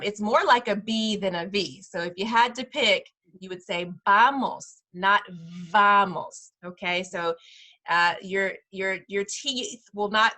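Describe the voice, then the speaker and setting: A woman who runs a preschool, teaching parents over a video call, slowly modeling sounds and repeating each word. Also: mid-range voice, pushed and bright. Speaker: preschool director teaching a parent Spanish class. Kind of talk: online class instruction.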